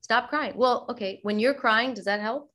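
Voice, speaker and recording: Animated woman yoga teacher, casual chat. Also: a little high, moderate pace. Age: middle-aged. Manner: animated, acts out quoted voices.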